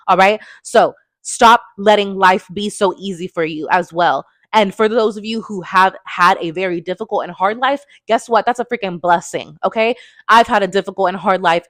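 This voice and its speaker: A woman's voice: medium pitch, a bit bright, no echo. Fervent young woman, dry close sound. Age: 20s. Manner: emphatic and fervent, tags lines with "okay?". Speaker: motivational speaker. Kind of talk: motivational talk to camera. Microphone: phone.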